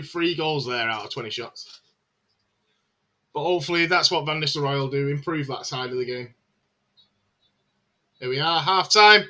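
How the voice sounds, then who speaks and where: A man's voice: fairly high pitch, bright, forceful tone. A man hosting a live match watchalong stream, chatting casually, calling the play and answering viewer comments with frequent filler words.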